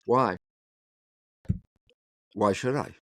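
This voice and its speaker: Emphatic, animated man, dry close sound. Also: lowish voice, extremely slow, dry recording. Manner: emphatic, acts out both sides of dialogues. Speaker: interview guest, biologist and author. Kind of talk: animated conversational interview talk.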